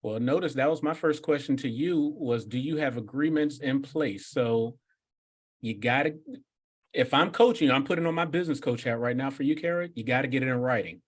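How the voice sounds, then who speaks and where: A man hosting a business workshop, answering questions in an energetic, conversational coaching manner. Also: medium pitch, normal speed. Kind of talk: live workshop Q&A.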